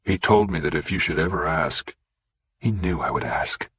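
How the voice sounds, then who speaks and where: A man voicing a grave middle-aged male official who speaks in a measured, formal way. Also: low voice, lively intonation, fairly bright tone, breathy edge, no room sound, heavily acted. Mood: guarded.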